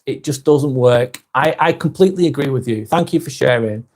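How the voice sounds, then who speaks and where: A man's voice: mid-range voice, moderate pace, darkish tone. A man with a Lancashire accent hosting a live vlog, reading out viewer comments in a blunt, sweary, emphatic way.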